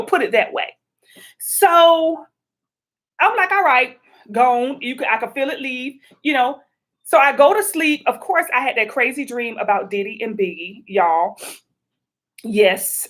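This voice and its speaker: A middle-aged woman giving spiritual advice in a chatty, animated livestream talk, calling her viewers y'all. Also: fairly high pitch. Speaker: spiritual vlogger.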